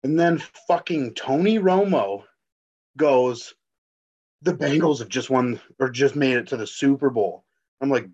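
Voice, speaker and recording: A man telling an excited, profane story about watching his team win, on a podcast. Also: mid-range voice, a little slow, muffled recording. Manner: loud, profane, animated fan talk. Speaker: podcast guest, sports fan.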